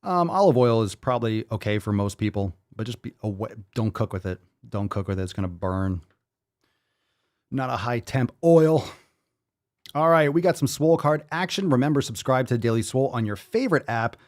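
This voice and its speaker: A man's voice: mid-range voice, lively intonation, normal speed, a little mellow. A man hosting a live-stream podcast, reading viewer comments aloud in a profane, hyped-up, sarcastic way. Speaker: podcast host.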